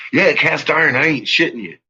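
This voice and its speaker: A man with a husky, bright voice tells a rambling personal story, swearing constantly and laughing between lines. His pitch sits a little high and jumps around a lot. The recording is muffled and lo-fi. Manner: profane, laughs often while telling. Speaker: vlogger.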